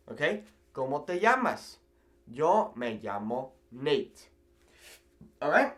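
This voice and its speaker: A man from California teaching a video language lesson, animated and repeating phrases slowly for learners. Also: on the high side. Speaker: Spanish teacher.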